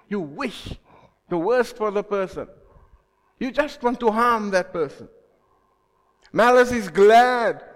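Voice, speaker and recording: A man with a high voice delivers a slow, deliberate sermon. He quizzes his listeners as he goes and drops from loud stresses to near murmurs. The long reverb of a church hall trails after his words. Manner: asks the congregation questions, swings from loud emphasis to quiet. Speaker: preacher.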